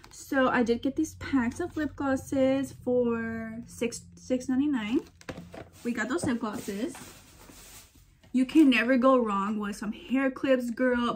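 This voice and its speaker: A young woman vlogger chatting excitedly to her viewers about what she bought, calling them girl and y'all. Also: a little high, slight background noise. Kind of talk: casual haul vlog chat.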